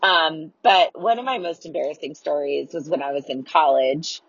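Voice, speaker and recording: A woman with a low, husky voice rambles through a self-deprecating story with giggly asides. The sound is dull and lo-fi, with a dry, close feel. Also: normal speed, fairly bright tone, no room sound. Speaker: podcast guest. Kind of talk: casual storytelling. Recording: dull lo-fi recording.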